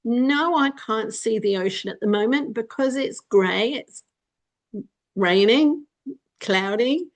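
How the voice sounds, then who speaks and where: A middle-aged woman talking candidly at home, chatty and emphatic, laughing now and then and repeating herself for stress. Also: mid-range voice. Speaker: vlogger giving life advice. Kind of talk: casual spoken reflection to camera. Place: home indoors by a window.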